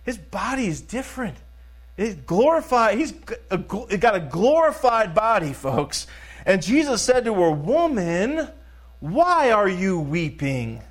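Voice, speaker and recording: A man's voice: high voice, big pitch swings, normal speed. A middle-aged man preaching a sermon as pastor, emphatic, repeating phrases and calling out to the congregation.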